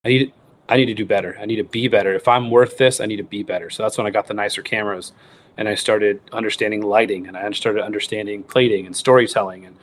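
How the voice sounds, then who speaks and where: A man's voice: on the low side, slight background noise. A man in his thirties, a wild game cook, telling his story in a casual interview and acting out the voices of the people in it, with many restarts. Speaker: guest, wild game cook and recipe writer.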